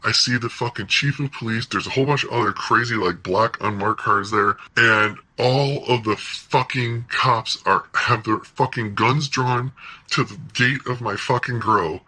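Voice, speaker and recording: Telling a personal story on his vlog, a man keeps it relaxed, profane and animated, breaking into laughter often between lines. His mid-range voice is strikingly bright and strained with a husky, rough texture, captured on a rough recording.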